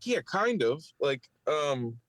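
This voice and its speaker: Speaking slowly in a somewhat high voice over poor audio, a man with a Philadelphia accent co-hosts a podcast. He rambles animatedly through a long story, full of fillers, in casual storytelling chat.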